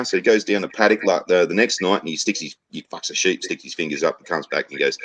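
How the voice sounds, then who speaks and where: A man with a very deep, low Australian voice spins crude jokes and yarns in easygoing chat. His speech is laid-back and full of swearing and local slang. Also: fast, a bit bright. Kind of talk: casual crude joke-telling chat.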